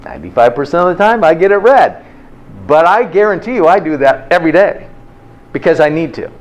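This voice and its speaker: A man with a fairly high-pitched voice hosts a motivational health talk at a brisk pace, mixing lively stories with rhetorical questions for his listeners. The recording sounds muffled.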